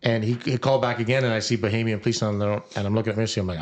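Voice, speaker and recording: A middle-aged man with a fairly low voice tells a story on a casual podcast, animated and quick to act out what others said. He talks like he is among old friends. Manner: animated storyteller acting out quotes. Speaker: podcast co-host.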